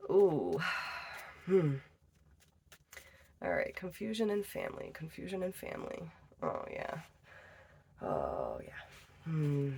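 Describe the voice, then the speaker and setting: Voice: medium pitch, huge pitch swings, takes it slowly, vocal fry, long pauses, warm tone, a little hiss or hum. A tarot reader giving a casual reading into a phone, chatty and profane, laughing often.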